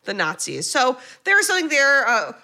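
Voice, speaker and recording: An American woman co-hosts a podcast, giving a playful, rambling comedic recap of a movie sprinkled with jokey asides. Her voice sits high and swings hugely in pitch, and she talks briskly with a sharp tone.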